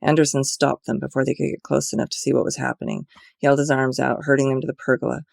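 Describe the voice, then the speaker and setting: A woman's voice: a bass voice, little pitch movement, fast, vocal fry, a little mellow, dry recording. A woman author reading her own mystery novel aloud in an earnest, amateur way.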